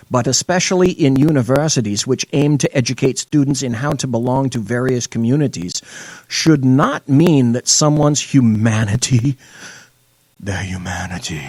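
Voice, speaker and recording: A man's voice: medium pitch, dry recording. Scornful male talk-show host. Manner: scornful, emphatic, reads quotes aloud. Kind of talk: opinionated live-stream talk.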